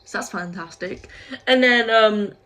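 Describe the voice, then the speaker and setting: A woman's voice: mid-range voice, measured pace, sharp tone, low-quality recording. A young woman vlogging casually, venting in a frustrated, rambling way, swearing often and filling her speech with "like". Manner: frustrated, rambling, swears, heavy use of 'like'. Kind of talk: casual vlog rant.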